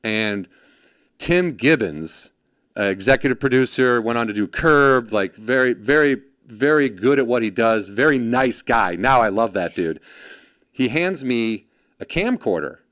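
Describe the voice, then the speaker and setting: A man hosts a relaxed chat and tells stories with lots of swoop in his voice, jumping into quoted voices and laughing along. The sound is dry and close, with no room to it. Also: mid-range voice, measured pace, dry recording. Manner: animated storyteller, acts out quoted voices, laughs often. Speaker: podcast host. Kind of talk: casual interview chat.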